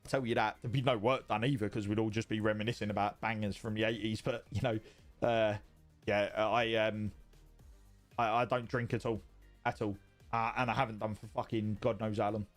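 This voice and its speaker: A man's voice: on the low side, little pitch movement, brisk, soft background music. A man streaming from home, chatting casually with viewers in a rambling, sweary way that repeats itself. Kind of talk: casual livestream chat reading viewer messages.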